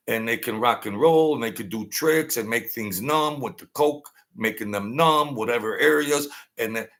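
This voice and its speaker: A man with a sharp, mid-range voice tells stories about his past in casual, rambling fashion. He swears freely and skips over details with "blah, blah, blah."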